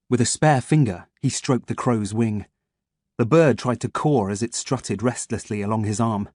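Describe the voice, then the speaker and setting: Brief: male audiobook narrator, husky, dry close sound, measured delivery. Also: mid-range voice, darkish tone, dry recording.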